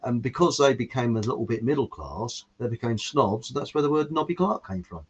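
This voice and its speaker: Reading viewer comments aloud in a rambling, casual chat, a man hosting the show laughs at his own jokes. He speaks a little fast in an expressive, mid-range, slightly rough voice, captured in muffled lo-fi audio.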